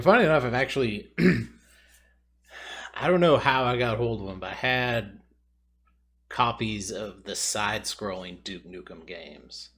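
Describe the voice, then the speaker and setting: Husky low-voiced man musing over trivia. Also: fairly bright tone. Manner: thinking aloud, rambling, self-mocking. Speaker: trivia video host playing along. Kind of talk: casual commentary while answering quiz questions.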